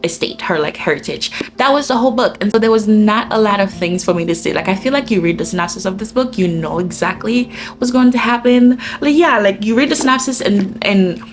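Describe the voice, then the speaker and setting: A woman's voice: medium pitch, fairly quick, few pauses, soft background music. Chatty woman recapping a book. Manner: chatty, heavy use of filler "like". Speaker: book vlogger.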